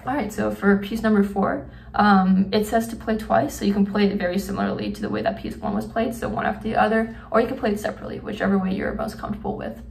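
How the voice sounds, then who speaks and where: A young woman explaining a drum audition in a relaxed way with lots of fillers, counting beats aloud as she plays. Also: medium pitch, fast talker, vocal fry, recorded from a distance. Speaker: student drum instructor. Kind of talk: casual instructional demo. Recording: echoey room, off-mic, faint noise.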